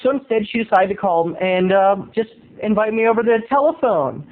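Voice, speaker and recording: A man's voice: high voice, expressive, a little fast, narrow, tinny audio. A man video blogging from home into his camera, telling a gossipy comic story in a theatrical, playful manner. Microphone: home camera mic.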